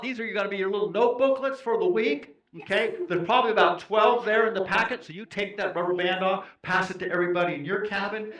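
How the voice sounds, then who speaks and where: Folksy high-voiced man addressing kids. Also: poor audio. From Oregon. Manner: folksy cowboy storyteller, playful and loud with children. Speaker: camp speaker. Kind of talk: lively kids' camp chapel talk.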